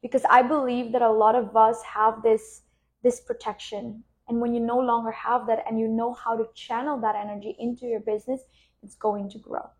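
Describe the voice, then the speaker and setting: Soft-spoken woman coach guiding a meditation. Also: a little high, level tone. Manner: slow, soothing, reflective. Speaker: podcast host and business coach. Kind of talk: guided relaxation and coaching monologue.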